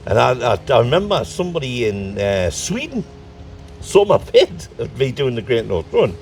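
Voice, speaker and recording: Lively Tyneside man with a gravelly voice. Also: mid-range voice, moderate pace, far from the mic, soft background music. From North East England. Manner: lively, laughs through his stories, acts out quotes. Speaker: guest. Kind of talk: casual storytelling chat.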